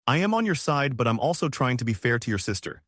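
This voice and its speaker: A man's voice: medium pitch, big pitch swings, quick pace, fairly bright tone, slightly rough, no room sound, clean studio sound. A man doing a stern middle-aged mother. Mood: firm. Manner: firm and placating.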